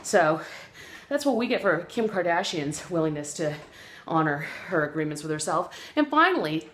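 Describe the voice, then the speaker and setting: A woman's voice: fairly low pitch, very animated, moderate pace, a bit bright, slight background noise. A woman giving an earnest, rambling comic self-help talk, full of fillers and restarts. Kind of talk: comic motivational monologue. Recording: echoey room.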